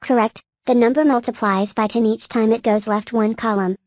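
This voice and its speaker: A woman's voice: fairly high pitch, fairly even intonation, moderate pace, a little mellow, no echo, poor audio. A woman narrating a cartoon math lesson, explaining step by step in an upbeat way. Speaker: narrator and teacher.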